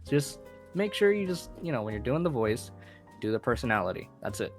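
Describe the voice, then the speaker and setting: A man's voice: mid-range voice, big pitch swings, brisk, faint music behind. A man, a voice actor, chatting casually and rambling with many fillers. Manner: rambling, lots of fillers, laughs often. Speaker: voice actor, podcast co-host. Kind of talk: casual chat.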